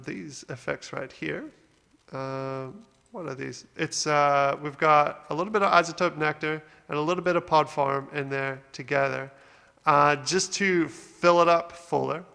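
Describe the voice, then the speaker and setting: A man's voice: fairly high pitch, fairly even intonation, unhurried, creaky, sharp tone, clean tone, long reverb tail. A man from Australia hosting a casual music production walkthrough, upbeat and rambling with fillers. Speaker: music producer, channel host.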